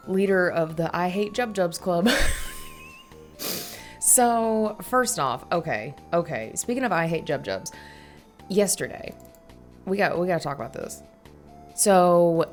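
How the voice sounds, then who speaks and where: Gravelly, sweary young woman vlogger. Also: lowish voice. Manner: blunt, sweary, laughs a lot. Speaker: gaming YouTuber. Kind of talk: casual vlog chat.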